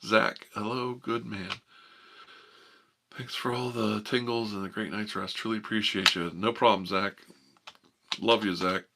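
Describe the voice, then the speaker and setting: A man hosting a live ASMR stream, chatting softly and playfully with viewers and rambling. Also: on the low side, fairly even intonation, measured pace, gravelly, pauses often, heavy background noise.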